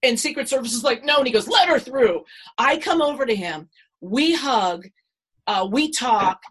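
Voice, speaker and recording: Husky, fairly high middle-aged woman guest, dramatic storyteller who acts out the quotes. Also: animated, normal speed. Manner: dramatic, acts out quotes with big swings in pitch and loudness. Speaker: podcast guest. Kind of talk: animated storytelling.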